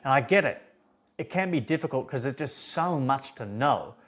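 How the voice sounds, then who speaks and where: A man talks straight to camera in an emphatic, rambling monologue. He restarts phrases often while driving his point home. His voice sits at a medium pitch. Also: lively intonation, normal speed, fairly bright tone. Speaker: philosophy vlogger. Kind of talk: unscripted monologue.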